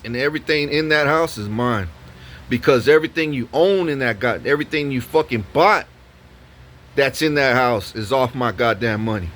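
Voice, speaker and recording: A man's voice: mid-range voice, normal speed, a bit bright. A man vlogging a profane, rambling story, full of restarts and repeated words. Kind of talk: ranting story vlog.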